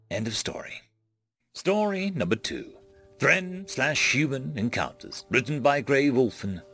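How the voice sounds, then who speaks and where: A man narrates a story in a measured, expressive way. His voice is gravelly and rises and falls in lively pitch. Soft music plays underneath.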